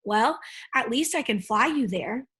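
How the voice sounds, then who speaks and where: A woman reading aloud, voicing a grateful, gentle male dragon who is a little anxious, speaking politely. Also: a little high, expressive, unhurried, slightly rough, heavily acted.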